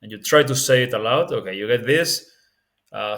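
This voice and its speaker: A man's voice: medium pitch, normal speed, fairly bright tone. A man giving a casual spoken tutorial on learning languages, candid and rambling, often restarting his sentences.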